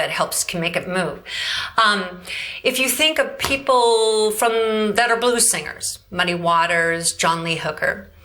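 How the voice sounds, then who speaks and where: During a singing lesson, a woman with a sharp-toned, mid-range voice explains technique and prompts her student to repeat after her. She is directive, coaxing the student along as she demonstrates growls in this instructional session.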